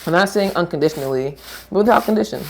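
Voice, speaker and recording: Woman yoga therapist on a podcast, deep-ish voice, rambly and giggly, loses her train of thought a lot. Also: expressive, quick pace, a little hiss or hum. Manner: rambling, laughs often, trails off and restarts. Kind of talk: casual podcast conversation.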